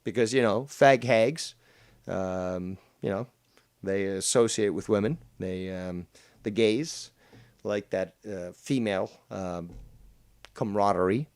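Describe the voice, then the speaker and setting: A man's voice: on the low side, slow, darkish tone, clear, resonant tone, no room sound, studio quality. A man streaming commentary over a clip, combative, profane and mocking.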